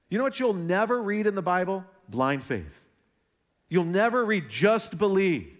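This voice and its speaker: Animated young male preacher telling a story. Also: sits high, measured pace. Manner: animated storytelling with sarcastic asides, dropping to hushed intensity. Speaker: pastor. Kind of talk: sermon.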